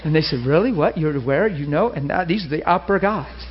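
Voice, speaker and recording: A man preaching a sermon, telling a personal story and acting out the dialogue with lively feeling. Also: on the high side, fast talker, husky. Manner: animated, acts out dialogue, laughs and cries while telling. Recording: muffled lo-fi recording with faint hiss.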